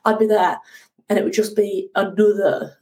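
A woman, a guest telling her ocean rowing story in a lively conversational way. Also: medium pitch, moderate pace, low-quality recording. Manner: animated, acts out shouting at the sea.

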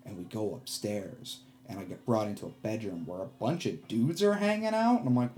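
A man's voice: on the low side, lively intonation, fairly quick, darkish tone. A man co-hosting a podcast, telling a story in a wry, self-deprecating way and acting out his own quoted lines. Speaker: podcast co-host. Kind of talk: casual storytelling chat.

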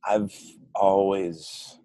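A man from Arizona, a real estate agent, chatting over a video call as a guest, halting as he holds back emotion. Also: deep voice, steady tone, dark tone, no echo.

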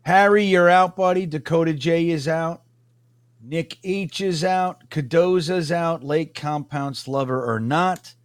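A man's voice: a little high, a little slow, no echo. A middle-aged man co-hosting a casual sports chat stream, rambling through stories in a laid-back way. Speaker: podcast co-host.

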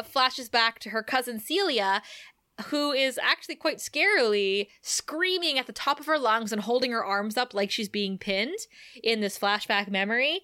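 A woman co-hosting a podcast, recapping a TV episode in casual chat, animated and laughing often as she acts out the quoted lines. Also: a little high, smooth, dry recording, studio quality.

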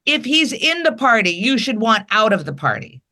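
A woman comedian talking casually as a guest, telling animated stories and acting out the people she quotes. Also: fairly high pitch, normal speed. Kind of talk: casual political chat.

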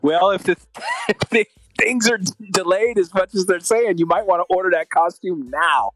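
A man's voice: sits high, normal speed, fairly bright tone, dry recording, low-quality recording. A man co-hosting a podcast, chatting casually and laughing often in easygoing banter. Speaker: podcast co-host.

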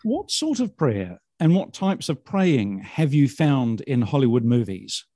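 Brief: male interviewer, mellow mid-range voice, measured curious questions, dry close sound. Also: medium pitch, very animated, dry recording.

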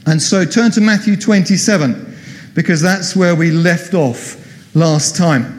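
A man preaching a sermon in a relaxed, chatty way, quizzing his congregation as he goes. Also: high voice, measured pace. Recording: long hall reverb.

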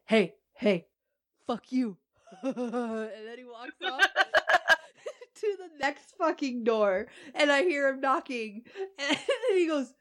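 Slow, swearing woman telling a story. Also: high-pitched, a bit bright. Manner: swears freely, laughs through her story. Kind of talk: casual chat.

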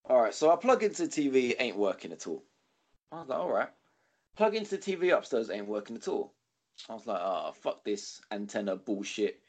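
A man, co-hosting a podcast, telling a rambling, sweary story with animated quoting. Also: medium pitch, fast talker. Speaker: podcast co-host. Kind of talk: casual storytelling chat.

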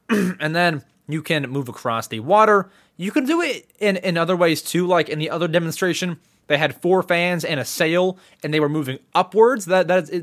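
A man hosting a casual solo podcast, talking in an excitable way and often clearing his throat. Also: a little high. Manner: excitable, animated. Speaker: podcast host.

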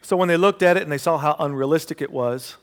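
A pastor preaching a sermon, telling stories and building to loud, emphatic passages. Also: male voice, a little high, fast. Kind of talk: sermon with storytelling. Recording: long hall reverb.

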